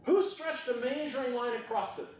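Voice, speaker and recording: A man voicing God speaking out of a storm, mighty and questioning, with slowed, emphatic delivery. The sound is roomy and heard from some distance. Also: extremely high pitch, a little mellow, slight background noise, voice pushed up. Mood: commanding. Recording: echoey room, mic at a distance.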